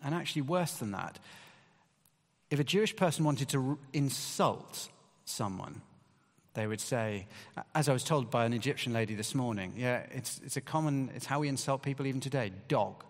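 A male preacher delivers a sermon in a chatty, down-to-earth voice of middling pitch, pressing hard on key words. His voice trails into a long hall reverb. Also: normal speed. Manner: conversational, emphatic, with rising bursts of stress.

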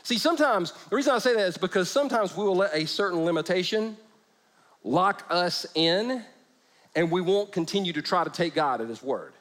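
A man's voice: high-pitched, animated, a little fast, fairly bright tone. A man preaching a humorous sermon, joking as he retells scripture. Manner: playful, joking, acts out scripture with voices. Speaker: pastor.

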